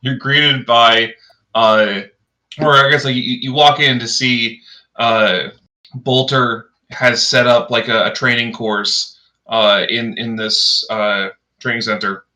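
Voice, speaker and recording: A man narrating as game master of a tabletop game, halting often with fillers and restarts. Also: medium pitch, steady tone, pushed and bright.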